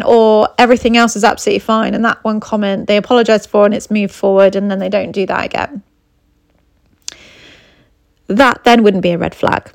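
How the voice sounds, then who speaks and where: A woman with a medium-pitched, gravelly voice speaks in clean studio sound with no echo. She's a confidence coach and abuse recovery mentor offering earnest advice to the camera, repeating her main points and checking in with the listener.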